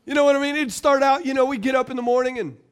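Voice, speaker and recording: A middle-aged man preaching a sermon as pastor, calling out to the congregation and swinging between loud and quiet. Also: very high-pitched, fairly even intonation, very fast, clear, resonant tone.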